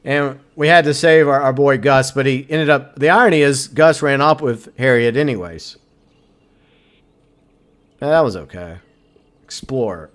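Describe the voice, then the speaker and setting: A man's voice: medium pitch, a little slow, pauses often, a bit bright. A man from Minnesota giving casual, joking commentary as he streams a game, swearing freely.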